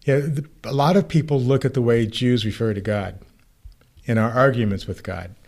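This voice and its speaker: A man, a rabbi co-hosting a podcast, explaining ideas in a relaxed conversational way and acting out quoted lines with lively shifts. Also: moderate pace, creaky. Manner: animated, acts out quoted voices with rising pitch. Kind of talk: casual theological conversation.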